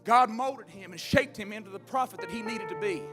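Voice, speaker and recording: A man preaching a sermon, telling stories with fervor and building up to shouts. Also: sits high, fairly quick, music in the background. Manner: fervent storytelling preacher, swells to shouting.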